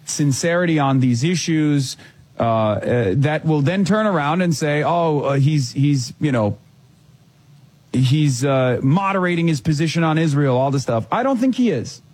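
A man's voice: fairly high pitch, a little mellow. A man in a played interview clip, hesitant and full of fillers. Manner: hesitant, with many fillers, then insistent. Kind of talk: spoken interview statement.

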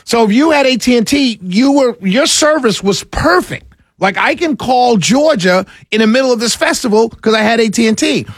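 A man's voice: very high-pitched, animated, normal speed, dry recording, studio quality. A man from New York City, hosting a casual monologue and chatting through a story with lots of fillers and restarts.

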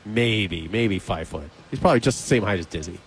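Male radio host, casual storyteller, animated delivery, plays out the dialogue himself. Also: fairly low pitch, a little fast. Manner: animated, acts out both sides of conversations. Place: radio studio.

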